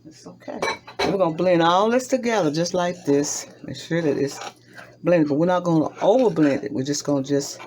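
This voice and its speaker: A woman's voice: fairly low pitch, moderate pace, background noise. A woman, chatting with her viewers as she demonstrates a recipe in her home kitchen and repeats each step as she goes. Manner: chatty, talks straight to viewers, repeats steps. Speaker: home cooking vlogger. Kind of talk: casual cooking demonstration. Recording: clattering dishes and utensils nearby.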